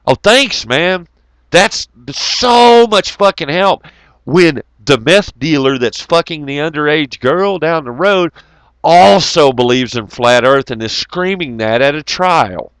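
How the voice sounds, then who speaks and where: A middle-aged man rants into a dry, close mic. His pitch swings all over as he curses, scoffs and mocks, and he sounds heated and profane. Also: fairly bright tone, clear, resonant tone, dry recording. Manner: swearing, heated and mocking, breaks into laughs. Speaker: host of an online talk show. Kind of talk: profane ranting monologue.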